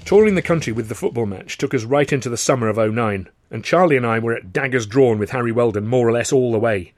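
A man narrating his own novel in a wry, measured way. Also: mid-range voice. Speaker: author and narrator. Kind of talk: scripted audiobook narration.

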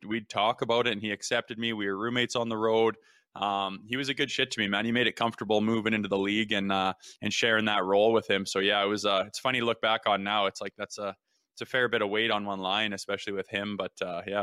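A man co-hosting a sports show, a former pro player telling stories in a relaxed, casual way. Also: lowish voice, no echo, clean studio sound. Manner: laid-back, storytelling, frequent "man" and "hey".

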